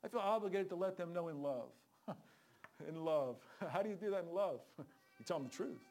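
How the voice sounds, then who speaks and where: Fervent high-voiced male street preacher. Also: lively intonation, brisk, a little mellow. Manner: fervent, calls for amens, acts out quoted people. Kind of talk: sermon.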